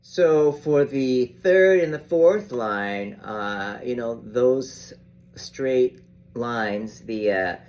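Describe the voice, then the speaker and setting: An older man teaching saxophone in an unhurried, rambling way, often restarting his sentences. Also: medium pitch, a little mellow, faint music behind. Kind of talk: casual instructional talk.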